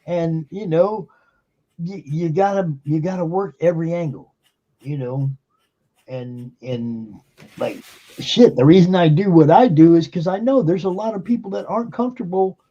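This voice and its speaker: Speaking at a moderate pace with a warm tone, a man on the high side hosts a live stream through his computer mic, and the highs are cut off. He's a streamer and show host whose talk is casual, emphatic, full of fillers and profanity.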